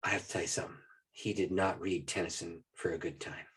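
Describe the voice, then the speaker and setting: Husky low-voiced male storyteller. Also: quick pace. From Maine. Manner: animated storyteller who drops to a hushed voice for solemn moments. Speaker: guest speaker on prayer. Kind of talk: personal storytelling in a podcast interview.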